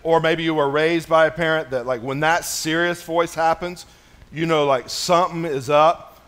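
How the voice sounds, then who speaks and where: A man in his thirties preaching with a notably high voice. He talks casually, with many fillers. He moves between soft storytelling and punchy, emphatic stresses. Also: fairly even intonation, moderate pace, smooth. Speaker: pastor. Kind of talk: sermon. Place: church.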